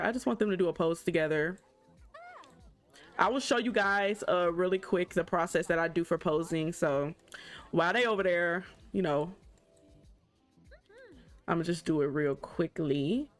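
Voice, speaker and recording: A woman doing let's play commentary at her desk mic, chatty, excitable and gushing as she talks through her game. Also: on the low side. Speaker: gaming YouTuber.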